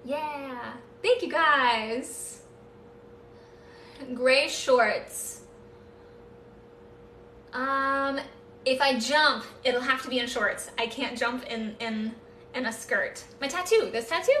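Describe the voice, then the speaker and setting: A woman's voice: high voice, slow pace, long pauses, bright, forceful tone, distant mic, slight background noise. A woman hosting a casual live stream, chatting with viewers and thanking them, with playful nervous laughs. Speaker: livestream host. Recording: echoey room, voice off-mic.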